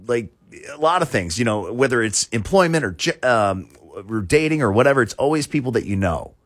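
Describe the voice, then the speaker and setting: A talk show host chats casually and rambles, restarting often and chuckling as he goes. His medium-pitched voice is brisk and lively, recorded cleanly in a studio with no echo.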